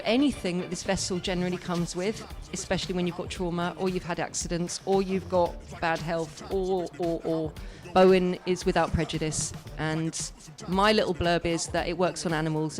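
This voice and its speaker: A woman with a croaky voice, a guest on a radio show, explaining her work in an earnest, rambling way with many fillers. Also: on the low side, darkish tone. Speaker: guest, therapist. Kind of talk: casual radio interview.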